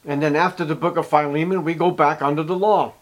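A man preaching a sermon as pastor, reading scripture aloud and swinging between loud emphasis and hushed asides. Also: fairly high pitch, steady tone, quick pace.

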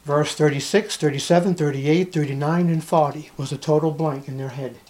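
Emphatic high-voiced male preacher. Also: fairly even intonation, a little fast, a little mellow. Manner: emphatic, repetitive, rhetorical questions. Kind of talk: sermon.

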